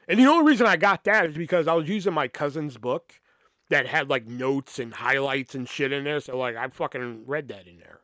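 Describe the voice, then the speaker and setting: A podcast host, a man with a medium-pitched voice at normal speed, tells a story in a rambling, casual way, swearing constantly and dropping in lots of "you know." He acts out the people he quotes in lively voices. The studio recording is clean with no echo.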